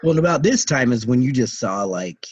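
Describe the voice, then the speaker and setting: Man, middle-aged, podcast co-host, animated storytelling, fillers, dry dull lo-fi mic. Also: medium pitch, a little fast, breathy edge, no room sound. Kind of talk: casual podcast chat.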